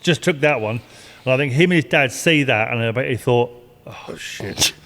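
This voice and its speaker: A man's voice: mid-range voice, a little fast, a bit bright. An older man, a retired stock car driver, telling rambling racing stories with laughs and swearing. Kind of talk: casual storytelling interview. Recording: long hall reverb.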